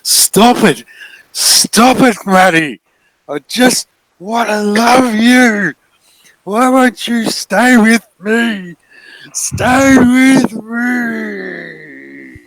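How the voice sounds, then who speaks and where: A giant, possessive teddy bear monster, as a man puts it on in a tabletop game, its voice pushed far up into a strained, pleading whine that breaks into shouts. It begs and clings, sounding desperate and unhinged. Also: high voice, lively intonation, extremely slow, gravelly, no echo, pitched above the performer's own voice, exaggerated voice. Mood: frantic. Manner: pleading, clingy, rising to screams.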